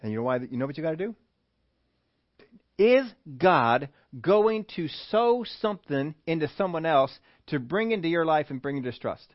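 A man preaching a sermon, animated, who acts out the voices he quotes. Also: a little high, moderate pace, dry recording, highs cut off. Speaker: pastor.

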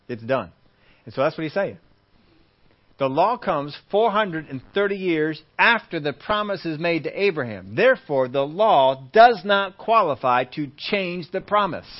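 A man preaching a sermon in a fairly high voice. He acts out everyday scenes and repeats his points for emphasis. The recording sounds dull and muffled. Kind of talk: sermon with Bible teaching.

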